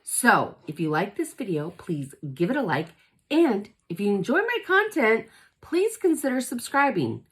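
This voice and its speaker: A woman's voice: on the high side, big pitch swings, a little slow, fairly bright tone, breathy edge. A middle-aged woman selling products in a chatty, upbeat way, often checking in with "okay?". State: out of breath. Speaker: direct sales consultant. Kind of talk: casual direct-to-camera pitch.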